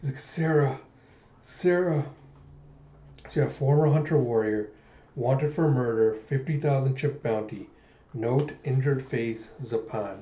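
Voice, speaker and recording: Chatty man with a mellow voice. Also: mid-range voice, measured pace. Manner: animated, chatty. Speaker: manga reader. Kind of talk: casual comic readthrough. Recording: muffled, echoey room.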